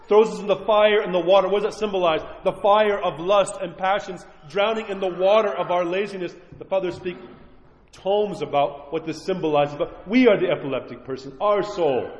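A man with a high-pitched voice preaches in an echoey church, his words hanging in a long reverb. He talks earnestly and conversationally, then slows down hard on the points he wants to land. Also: dull audio. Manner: earnest, conversational preaching with sudden slowed emphasis. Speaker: priest. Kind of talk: sermon.

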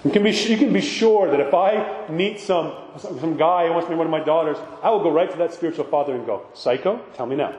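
Mellow-voiced priest in an echoey hall. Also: male voice, on the high side, quick pace, few pauses. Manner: conversational, rhetorical "right?" asides. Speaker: Orthodox priest. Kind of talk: informal sermon talk. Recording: echoey hall with long reverb.

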